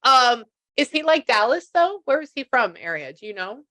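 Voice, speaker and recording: A woman's voice: fairly high pitch, big pitch swings, normal speed, bright, forceful tone. Chatty woman in her sixties. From Texas. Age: 60s. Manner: chatty, relays messages with asides and quoted dialogue. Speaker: spiritual medium. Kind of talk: mediumship reading on a call.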